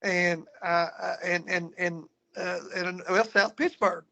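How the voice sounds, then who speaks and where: Guy with a high voice, rambling ghost-hunt stories, lots of restarts. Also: fairly even intonation, slow pace, gravelly, bright, forceful tone. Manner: rambling, repeats words and restarts. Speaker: guest paranormal investigator. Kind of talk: casual storytelling.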